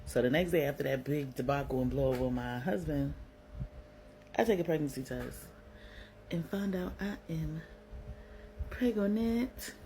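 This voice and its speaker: Deep and dark-toned, this young Brooklyn woman speaks at a measured pace and pauses often, her New York accent clear. Her personal story is blunt and slangy, full of cursing and "like" fillers. The recording is low-quality, with slight background noise.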